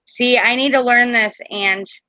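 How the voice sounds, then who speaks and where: A woman's voice: a little high, unhurried, pushed and bright, dry recording. A woman hosting a casual chat while giving card readings, rambling and laughing often. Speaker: host.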